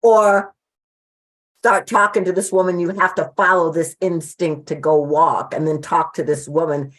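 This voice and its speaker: A woman's voice: on the low side, fairly even intonation, moderate pace. A woman hosting an interview, asking her guest questions and speaking to her listeners directly. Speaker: podcast host.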